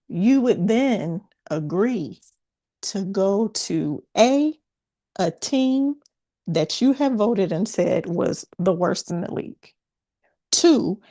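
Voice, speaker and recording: Woman host talking sports, slow and deliberate, lays out her points one by one. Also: medium pitch, a little mellow. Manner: measured, deliberate, builds points in lists. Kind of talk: casual sports talk.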